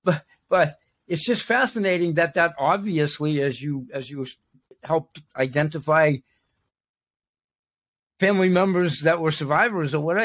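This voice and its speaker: Older man, high voice, podcast host, rambling, casual chat. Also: normal speed, fairly bright tone. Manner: rambling, restarts often, tangents.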